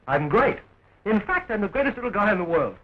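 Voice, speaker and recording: Wisecracking, fast-talking young guy. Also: high voice, very animated. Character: wisecracking young man fighting for his sweetheart. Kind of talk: early talkie film acting. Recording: dull scratchy 1920s film sound.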